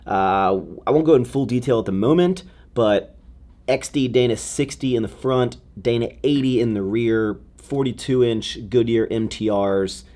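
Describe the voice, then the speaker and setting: A man's voice: medium pitch, moderate pace, mellow. Chatty young man vlogging casually. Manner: upbeat, rambling, lots of fillers. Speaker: fitness vlogger. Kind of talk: casual vlog chat. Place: gym, office and car.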